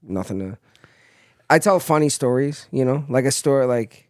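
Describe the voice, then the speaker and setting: A young man who spent time in the Marines is chatting on a podcast, and his stories are full of swearing. His voice sits in a middle pitch. He livens up as the anecdotes build, and the sound is dry and close. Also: moderate pace, dry recording. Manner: profane storytelling, animated in anecdotes. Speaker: podcast co-host, former Marine. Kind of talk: casual chat.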